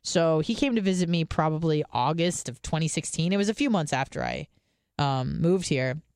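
A woman's voice: deep voice, big pitch swings, moderate pace, darkish tone, clear, resonant tone, no room sound, studio quality. A woman co-hosting a casual chat show, telling a long story in a profane, rambling way with many restarts. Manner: profane, rambling, self-interrupting. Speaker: co-host.

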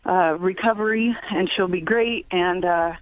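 A woman calling in to an advice show, talking haltingly and emotionally with many pauses. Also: lowish voice, no echo. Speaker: caller. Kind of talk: call-in conversation. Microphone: phone. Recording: phone line.

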